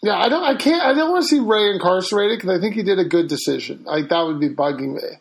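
A man interviewing a filmmaker, speaking slowly and hesitantly as he thinks things through. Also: high-pitched, animated, gravelly. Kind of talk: casual interview.

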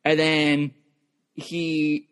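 A man's voice: a little high, completely flat delivery, very slow, clear, resonant tone. A young man in casual chat, rambling with lots of fillers and restarts.

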